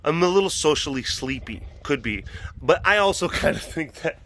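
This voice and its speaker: Animated man with a lively, high voice. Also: normal speed, a little hiss or hum. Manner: animated, laughing, with many restarts. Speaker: host at a wild animal facility. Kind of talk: casual vlog chat.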